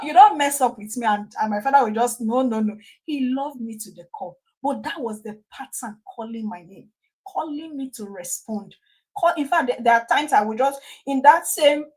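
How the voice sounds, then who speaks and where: Nigerian woman, middle-aged family coach, husky and somewhat high, storytelling, repeats lines for emphasis. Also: darkish tone. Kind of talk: motivational talk with personal stories.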